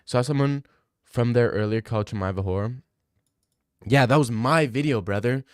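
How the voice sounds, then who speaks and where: A man's voice: medium pitch, normal speed, smooth, no room sound, clean studio sound. A young man streaming, reading live comments in joking, rambling casual chat.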